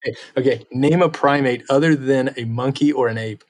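A man's voice: medium pitch, brisk, darkish tone. A man co-hosting a casual podcast, reading quiz questions in an upbeat, encouraging way.

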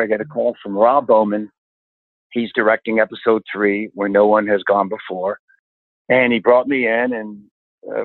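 An older man in his sixties spins animated stories about his stunt career, exclaiming as he goes. His voice sits a bit low and comes through a dry, tinny, phone-like line. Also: no echo. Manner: animated anecdotes, exclaims often. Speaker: stunt coordinator guest. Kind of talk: storytelling interview chat.

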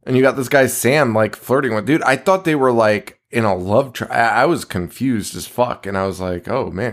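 A man's voice: medium pitch, normal speed. A man co-hosting a podcast, recapping a horror movie in casual chat, swearing often, laughing and acting out the characters' lines. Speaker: podcast co-host.

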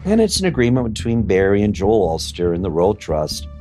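Man interviewee, pained and halting, pitch rising and falling widely, a middle-range voice that swears freely. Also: sing-song, mellow, soft background music. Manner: halting and emotional, with fillers and profanity. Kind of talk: emotional personal testimony.

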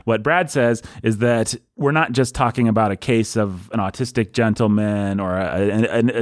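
A man's voice: lowish voice, no echo, studio quality. A man co-hosting a book podcast in casual chat, playful and rambling, often restarting his sentences. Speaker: podcast co-host.

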